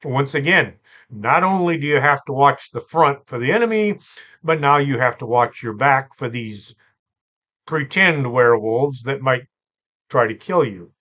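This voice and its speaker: A man hosting a storytelling show, relaxed and chatty, with asides and fillers. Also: medium pitch, measured pace, lo-fi sound. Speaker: host and storyteller. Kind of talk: conversational storytelling podcast.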